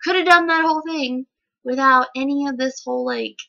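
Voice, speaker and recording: A woman's voice: sits high, a little fast, creaky, bright, forceful tone. A woman vlogger telling a story in a casual, indignant, rambling way, full of "like". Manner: indignant and rambling, heavy use of "like". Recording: slightly dull lo-fi recording.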